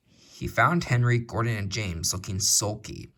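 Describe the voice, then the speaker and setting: A man reading a children's railway storybook aloud in a measured, expressive way. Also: on the low side.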